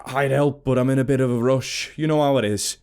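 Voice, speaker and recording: A man's voice: medium pitch, fairly even intonation, brisk, a little mellow, clear, resonant tone, voice pushed up, natural voice. Man doing an uneasy stranded lad. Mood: nervous. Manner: uneasy, forced casual calling out. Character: stranded young man, nervous, Liverpool lad.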